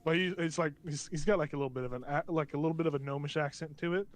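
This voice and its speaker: A man's voice: on the high side, fairly even intonation, very fast. A man narrating a tabletop game as game master, often chuckling and restarting as he goes.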